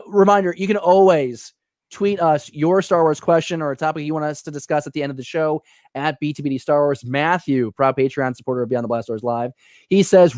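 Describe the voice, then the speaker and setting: A man hosting a live show, talking in an energetic, rambling, joking way, reading out fan questions. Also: on the high side, dry recording, studio quality. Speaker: host.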